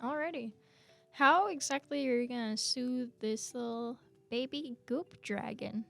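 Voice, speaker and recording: A woman's voice: fairly high pitch, a little slow, gravelly, fairly bright tone, faint music behind. A young adult woman narrating a tabletop game as game master, with lots of fillers and hesitations.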